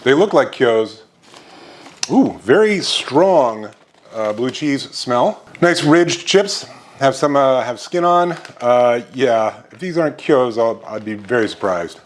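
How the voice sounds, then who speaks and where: A man's voice: mid-range voice, lively intonation, takes it slowly. A man hosting a snack review show, tasting and describing chips in an upbeat, enthusiastic way with frequent fillers. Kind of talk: casual food review.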